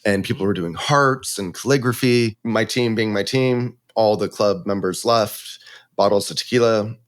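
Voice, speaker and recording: A man's voice: lowish voice, moderate pace. A man casually telling the story of his winery's wine label, acting out the quotes and laughing as he goes. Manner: animated, acts out quotes with laughs.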